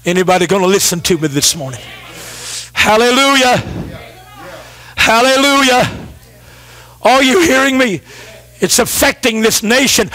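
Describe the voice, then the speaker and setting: A middle-aged man preaching a sermon as pastor, calling out to the congregation and swinging from shouted refrains to low, quick asides. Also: lively intonation.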